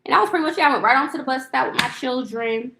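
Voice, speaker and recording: Woman vlogger ranting casually, cussing a lot, lots of ums, kinda high voice, roomy echo. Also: rapid-fire, creaky, noisy background. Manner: rambling, profane, frequent fillers and restarts. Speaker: lifestyle vlogger and livestreamer. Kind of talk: casual storytime rant.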